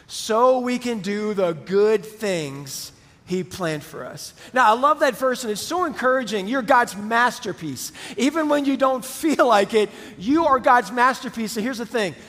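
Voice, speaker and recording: High-voiced male pastor in a big hall. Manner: conversational, animated storytelling with laughs. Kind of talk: sermon with personal story. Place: church auditorium. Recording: long hall reverb.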